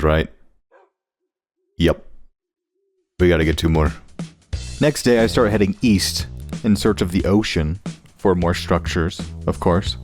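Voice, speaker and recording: A man giving casual, jokey gameplay commentary, animated and quick to yelp at his mishaps. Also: sits low. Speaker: gaming creator.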